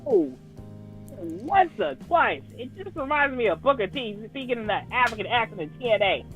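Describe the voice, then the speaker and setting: Brief: exasperated male co-host, high voice, swooping, ranting casual chat. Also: moderate pace, soft background music, poor audio. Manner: animated, exasperated ranting with cursing. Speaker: podcast co-host.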